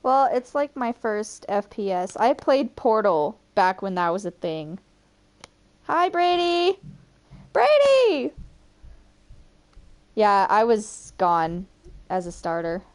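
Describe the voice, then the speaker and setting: A woman's voice: medium pitch, measured pace. A woman co-commentating a live esports match, chatty and giggly.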